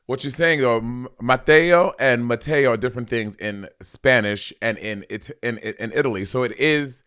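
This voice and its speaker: A man co-hosting a podcast, teasing and pushing back in animated casual banter. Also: medium pitch, normal speed, clear, resonant tone. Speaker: podcast co-host.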